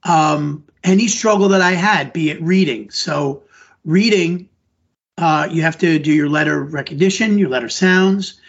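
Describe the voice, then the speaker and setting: Middle-aged man, teacher type, slightly high husky voice, earnest and rambling in an interview, dull recording. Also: unhurried. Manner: earnest, rambling, restarts sentences. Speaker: elementary school teacher. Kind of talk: conversational podcast interview answers. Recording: dull lo-fi audio.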